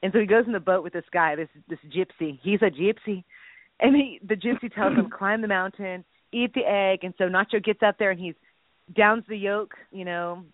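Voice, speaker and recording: Brisk and medium-pitched, a woman's voice comes through a dry, tinny phone line as she co-hosts a faith podcast. Her casual chat about faith is jokey and rambling.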